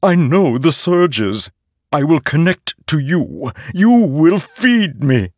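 Nightblood, a high hungry sword voice. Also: male voice, very animated, no room sound, studio quality, heavily acted. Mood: eager. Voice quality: high, drawn-out, distant mind-voice. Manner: slow, insistent and hungry. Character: bloodthirsty sentient black sword, eager to destroy. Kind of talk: audiobook character voice.

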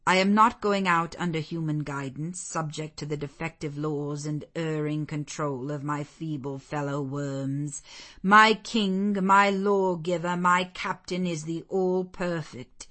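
A woman reading the part of a stern, zealous male missionary clergyman in a deep, relentless, commanding manner. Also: fairly even intonation, measured pace, a bit bright. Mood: resolute. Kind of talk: audiobook character voice.

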